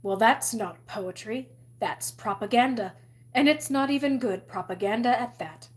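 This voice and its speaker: A woman's voice: on the high side, normal speed, close to an everyday voice. A woman reading aloud, voicing an indignant male goat professor who huffs in outrage. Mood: scornful. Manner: huffy, outraged.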